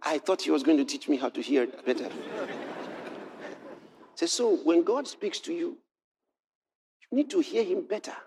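A man preaching a sermon, telling a personal story with animated delivery that moves between hushed passages and shouted exclamations. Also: fairly high pitch, a little slow, long pauses, slight background noise.

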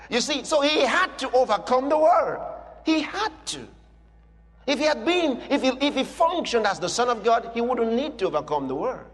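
A man's voice: extremely high pitch, very animated, moderate pace. A man preaching a sermon with emphatic, repetitive declarations. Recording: long hall reverb with music.

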